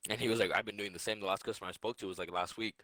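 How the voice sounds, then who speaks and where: A man's voice: on the low side, steady tone, rapid-fire, bright, forceful tone, no room sound. A young man co-hosting a podcast, telling a rambling, swearing story in casual chat. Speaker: podcast co-host.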